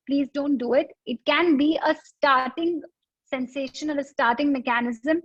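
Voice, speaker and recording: Patient and explanatory, this yoga teacher walks listeners through breathing instruction using easy analogies, her voice high and light. The online session sounds close, dry, and a bit dull and lo-fi.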